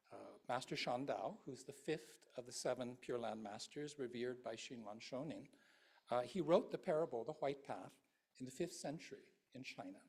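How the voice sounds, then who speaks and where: Male minister, husky voice, chatty dharma talk with fillers and asides. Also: medium pitch, a little mellow. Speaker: guest minister.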